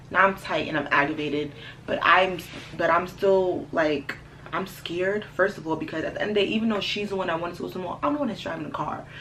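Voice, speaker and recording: A young woman telling a storytime on her vlog, animated, slangy and profane. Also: fairly low pitch, slight background noise, rough recording. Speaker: vlogger. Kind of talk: casual storytime.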